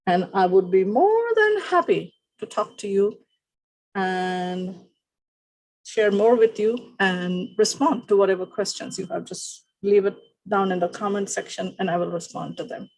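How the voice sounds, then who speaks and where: A woman wellness coach giving a calm, instructive talk and guiding a breathing relaxation outdoors on a beach, repeating short phrases. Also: medium pitch, a little slow, poor audio.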